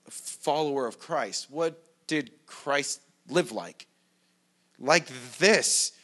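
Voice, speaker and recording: A man's voice: a little high, lively intonation, slow pace, fairly bright tone. A male pastor preaching a sermon in a conversational, self-deprecating way, with mocking asides. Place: church.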